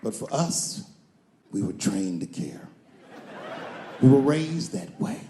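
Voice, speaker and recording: A middle-aged man doing profane, animated stand-up storytelling on stage before a live audience. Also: mid-range voice, takes it slowly, a little hiss or hum. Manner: animated, profane, acts out voices. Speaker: stand-up comedian. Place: comedy stage before a crowd. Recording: live club set with loud audience.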